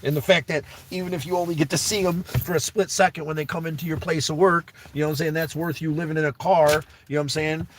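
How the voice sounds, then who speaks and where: A man's voice: fairly high pitch, fairly even intonation, fast talker, few pauses, a little hiss or hum. Earnest man pleading on a livestream. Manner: earnest and pleading, calls people brother and man. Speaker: livestream host. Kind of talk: emotional heartfelt live-stream talk.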